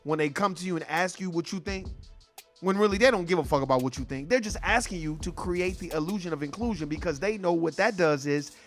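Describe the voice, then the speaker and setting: A man's voice: high-pitched, quick pace, fairly bright tone, faint music behind. A man hosting a casual conversation, talking in a blunt, emphatic and profane way. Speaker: podcast host.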